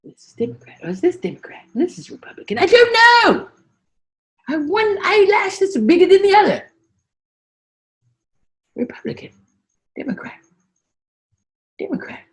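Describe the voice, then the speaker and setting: In a satirical spoof, a woman comedian portrays a scatterbrained, high-voiced woman politician who rambles on at a moderate pace with long pauses. Swooping pitch, repetition, and deadpan asides mark the delivery, which shifts from quiet muttering to abrupt loud outbursts.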